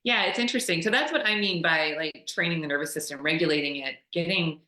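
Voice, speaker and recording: Woman, yoga teacher, casual call. Animated, laughs a lot, bright forceful tone, roomy echo. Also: deep voice, fast. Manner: animated, laughs often, acts out quoted voices. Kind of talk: casual explanatory chat on a call.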